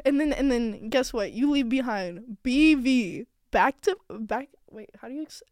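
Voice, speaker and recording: A high-pitched woman chatting as a podcast guest comedian, animated and laughing easily. She often rises into incredulous exclaiming. Her voice sits close and dry in a studio. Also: unhurried, dry recording. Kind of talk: casual podcast banter.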